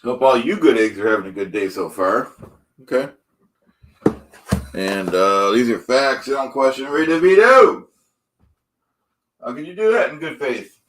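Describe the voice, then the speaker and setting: A livestream host performs improvised character comedy as a pompous, touchy middle-aged egg cook. His mid-range voice is expressive and a bit bright, measured in pace with frequent pauses, as he blusters, rambles, and insists on his own facts.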